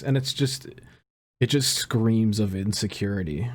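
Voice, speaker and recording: A man's voice: mid-range voice, expressive, moderate pace. A man on a casual podcast, talking loose and profane, ranting with bursts of rising energy. His voice sits mid-range. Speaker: podcast co-host.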